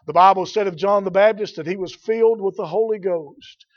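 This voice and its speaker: A man preaching a sermon, swinging from loud shouts to quiet, drawn-out emphatic words. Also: high voice, dull audio.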